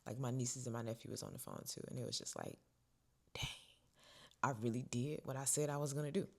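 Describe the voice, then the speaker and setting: A young woman vlogger narrates a personal story with casual expressiveness, dipping into whispers and breaking into loud bursts. Her very deep voice is creaky, and she speaks a little fast.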